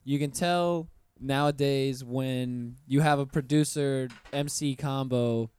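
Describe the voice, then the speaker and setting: A man hosting a podcast, chatting casually and animated, quick to laugh. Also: medium pitch, clean tone, no echo, clean studio sound. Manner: laughs easily, animated storytelling. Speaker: podcast host.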